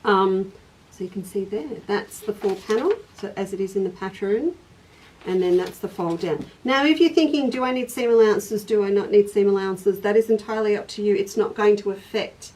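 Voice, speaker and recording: A woman's voice: medium pitch, a little fast, a little mellow, a little hiss or hum. A woman hosting a casual stitching livestream, chatty and laughing as she demonstrates and answers viewers. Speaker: craft shop host. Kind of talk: casual craft livestream chat. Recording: distant mic.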